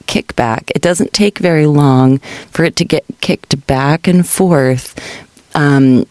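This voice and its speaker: A radio host guiding a meditation show in a relaxed, unhurried way, pausing often with fillers. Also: mid-range voice. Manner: unhurried, thoughtful, many fillers. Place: radio studio.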